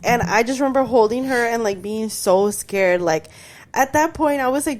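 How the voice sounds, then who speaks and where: A young woman co-hosting a podcast, excitedly telling a story and saying "like" and "literally" a lot. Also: on the high side, normal speed. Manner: excitable, laughing, repeats "like" and "literally". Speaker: podcast co-host. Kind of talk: casual storytelling chat.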